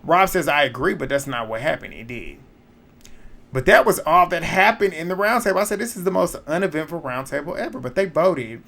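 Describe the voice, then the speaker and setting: A man recapping a reality show in casual commentary, blunt, opinionated and quick to swear. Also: on the high side, lively intonation, gravelly, a bit bright.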